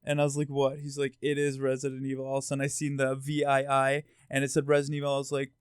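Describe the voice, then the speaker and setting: A man co-hosting a podcast, telling stories in an animated, rambling way with many restarts. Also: mid-range voice, rapid-fire, smooth, no room sound, studio quality. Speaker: podcast co-host. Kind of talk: casual podcast chat.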